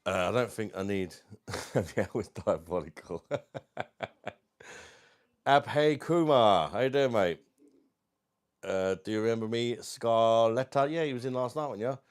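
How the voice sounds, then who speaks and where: A man's voice: medium pitch, expressive, a little slow, pauses often, clean tone. A man with a London accent, casually chatting on a livestream at home, reading out viewer comments and calling everyone mate. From South East London. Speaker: livestream host.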